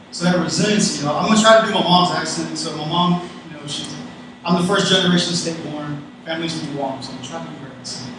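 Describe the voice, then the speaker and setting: A young adult man from North Carolina, giving a casual, folksy graduation speech that addresses the audience directly. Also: on the high side. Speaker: guest speaker. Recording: echoey hall, distant mic, noisy.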